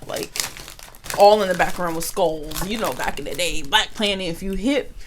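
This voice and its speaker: A young adult woman vlogger telling a casual story to her viewers in an animated, slangy way. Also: fairly low pitch, moderate pace, noisy background.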